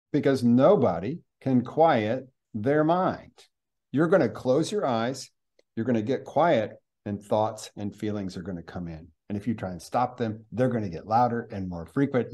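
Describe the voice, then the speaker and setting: A man hosting a podcast interview, speaking in an animated, teacherly way about mindfulness and sometimes slipping into a guided-meditation delivery. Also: mid-range voice.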